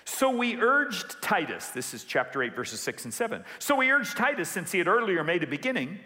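A man preaching a sermon as pastor, telling jokes and stories with sudden excited rises. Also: a little fast. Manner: animated, jokey storytelling with sudden rises in pitch. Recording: long hall reverb.

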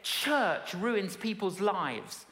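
A woman voicing a sullen, reluctant young woman student with a flat, curt manner, in an echoey hall. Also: mid-range voice, extremely slow, pitched below the performer's own voice, heavily acted. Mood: grudging. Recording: echoey hall with long reverb.

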